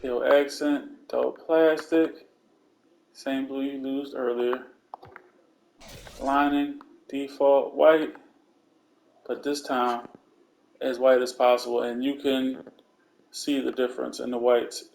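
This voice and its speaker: Laid-back man with a gravelly voice. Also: mid-range voice, slow, pauses often, a little hiss or hum. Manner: relaxed, laid-back step-by-step instructions; slangy, conversational asides. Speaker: video game content creator. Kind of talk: casual walkthrough voice-over.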